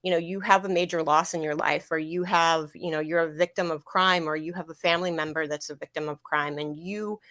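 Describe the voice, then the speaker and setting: A woman's voice: low-pitched, steady tone, brisk, few pauses, fairly bright tone, no room sound, clean studio sound. A young adult woman telling an emotional personal story on a livestream, rambling and repeating herself, her voice catching at times. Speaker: guest.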